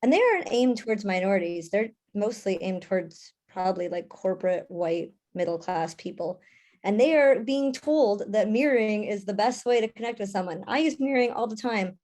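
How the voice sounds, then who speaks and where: A young woman talks as a panelist in a relaxed discussion. Her voice sits in an ordinary middle range, and she chats with quick asides. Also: medium pitch. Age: young adult.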